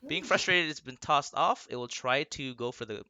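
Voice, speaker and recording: A man's voice: medium pitch, lively intonation, normal speed, pushed and bright, lo-fi sound, a little hiss or hum. A young man running a tabletop game as game master, casual and often laughing.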